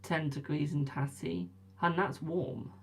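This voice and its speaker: A woman's voice: low voice, fairly even intonation, a little slow, gravelly, breathy edge. A young English woman hosting a live tarot stream, chatting casually and teasing her viewers as she reads their comments. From England.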